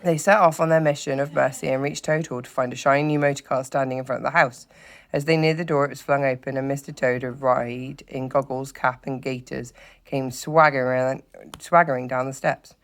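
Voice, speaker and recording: A teacher reading a children's story aloud in a steady, expressive narrating voice, with occasional slips. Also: medium pitch, normal speed.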